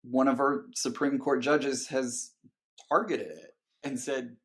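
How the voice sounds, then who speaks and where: A man, a guest on an interview podcast, talking earnestly and emotionally, often pausing and restarting. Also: mid-range voice, steady tone. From Texas. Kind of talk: candid conversational interview.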